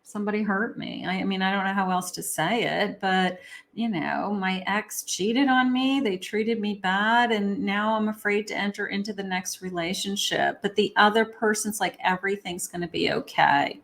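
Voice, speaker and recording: A woman's voice: mid-range voice, steady tone, normal speed, a bit bright. A woman, a psychic, giving a rambling, casual tarot reading with many fillers. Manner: acts out lovers' quoted lines.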